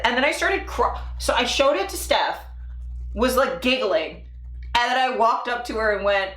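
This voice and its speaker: A woman's voice: fairly high pitch, expressive, moderate pace, a bit bright. A young woman streaming live, telling rambling stories in a casual, profane and giggly way. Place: home room. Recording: echoey room.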